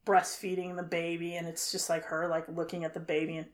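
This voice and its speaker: A woman's voice: on the low side, a little fast. A woman co-hosting a casual podcast, retelling a film's plot with swearing and acted-out quotes. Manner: profane, animated storytelling with acted quotes. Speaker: podcast co-host. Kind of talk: casual chat, film rant.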